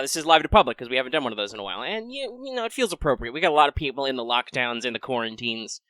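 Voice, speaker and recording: Bright, smooth-voiced male podcast host. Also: mid-range voice, no room sound. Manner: chatty, fast patron list reading. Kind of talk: casual live-stream chat.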